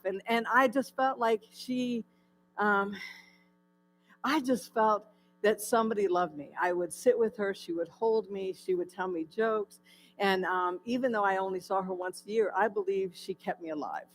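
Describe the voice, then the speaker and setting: A woman's voice: mid-range voice, normal speed, poor audio. Woman, from California, church testimony, storytelling, asks the audience, um-filled, faint music underneath. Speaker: guest speaker. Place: church hall.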